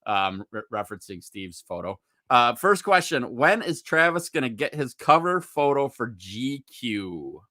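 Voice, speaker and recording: A man's voice: mid-range voice, very animated, a little slow, few pauses, pushed and bright, dry recording, clean studio sound. A man hosting a podcast in casual chat, reading viewer comments aloud and joking.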